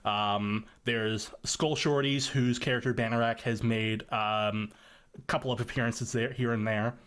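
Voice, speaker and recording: A man's voice: medium pitch, fairly even intonation, a little slow, fairly bright tone, clear, resonant tone. A young man chatting casually on a podcast, rambling through his thoughts with frequent ums and restarts. His voice sits in an ordinary middle register for a man. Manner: rambling, many fillers and restarts. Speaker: podcast guest, machinima creator.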